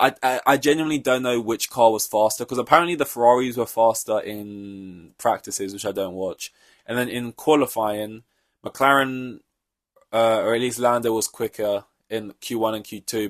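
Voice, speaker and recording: On his solo podcast, a young man with a lowish voice rambles casually about a race, cursing freely along the way. The studio-quality recording has no room sound at all.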